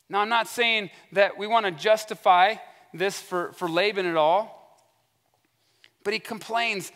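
A man's voice: high voice, a little slow, a bit bright. A male pastor giving a conversational sermon in a church sanctuary, acting out the voices he quotes, heard with long hall reverb.

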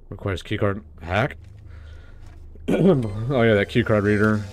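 A man commenting on a video game as he plays, chatty and excitable, laughing often and reading in-game text aloud. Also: lowish voice, takes it slowly. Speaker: let's play host. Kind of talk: gaming commentary.

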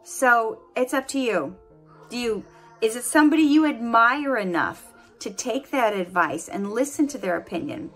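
A woman with a bright, high voice talks earnestly to her camera at home, offering motivational life advice. She is animated and laughs easily, and faint music sits under her voice. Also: normal speed. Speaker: vlogger giving life advice. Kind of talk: casual motivational talk to camera.

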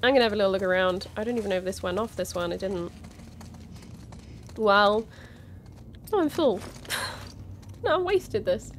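A woman's voice: mid-range voice, animated, moderate pace, long pauses, a little hiss or hum. A young woman chatting her way through a video game, exclaiming often and giggling between remarks. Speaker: gaming YouTuber. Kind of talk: casual let's-play commentary.

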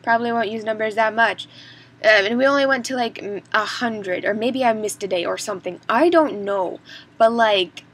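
A woman's voice: fairly high pitch, normal speed, a little hiss or hum. Rambling, chatty teenage girl vlogger. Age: teens. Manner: chatty, self-mocking, full of fillers and asides. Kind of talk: casual rambling vlog.

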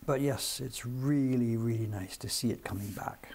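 Older man, from Canada, gravelly, chatty and rambling, casual live stream talk, faint background noise. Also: mid-range voice, normal speed, a little mellow. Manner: chatty storyteller, many restarts and "whatever". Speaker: printmaker streaming from his shop. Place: print shop workbench.

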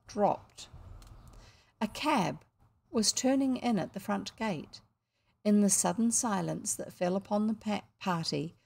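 A woman reads a children's classic aloud at an unhurried pace. She breaks off for chatty, amused asides between chapters, at an ordinary middle pitch. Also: darkish tone. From New Zealand. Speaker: reader.

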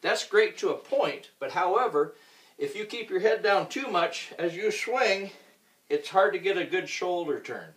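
A man's voice: high voice, expressive, measured pace, a bit bright. A man teaching golf in a casual, joking way, acting out common mistakes while he demonstrates swings. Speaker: golf instructor. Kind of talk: instructional talk with demonstration. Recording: roomy sound from a distant mic.

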